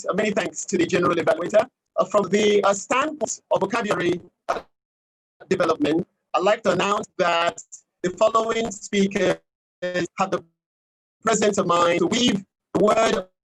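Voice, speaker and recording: A woman's voice: medium pitch, rough recording. Pedantic woman giving a language report. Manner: deliberate, pedantic, corrects pronunciation and grammar. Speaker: grammarian at a club meeting. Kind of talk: formal meeting report. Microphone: video call.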